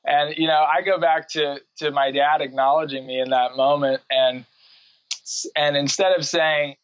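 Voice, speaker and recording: A reflective man in his thirties talks through his thoughts as an interview guest, pausing on fillers and laughing lightly. His voice sits at an ordinary pitch. The recording is muffled and very dry, with no room sound. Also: dry recording. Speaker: guest, writer and parent. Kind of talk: casual interview conversation.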